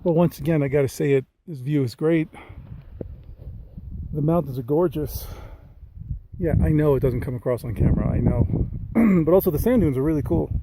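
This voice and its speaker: Young guy out of breath vlogging a hike outdoors, laughs at himself, bit of a higher voice. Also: normal speed, long pauses, noisy background. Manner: chatty, self-mocking, laughing. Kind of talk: casual hiking vlog. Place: outdoors on sand dunes.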